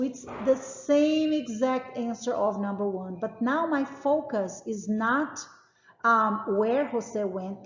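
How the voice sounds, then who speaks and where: A woman teaching a language lesson, explaining grammar patiently and emphatically and repeating each example. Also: fairly high pitch. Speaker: Spanish teacher. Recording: roomy, echoey, dull lo-fi sound.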